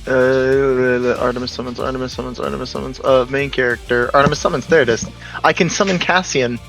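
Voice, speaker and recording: A man's voice: mid-range voice, steady tone, brisk, creaky, over music. Easygoing male tabletop player. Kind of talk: casual tabletop game chat.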